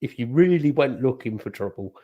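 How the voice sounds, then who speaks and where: A man's voice: mid-range voice, expressive, brisk, breathy edge, dull audio. A man co-hosting a live stream in casual chat, blunt and full of banter, calling people mate.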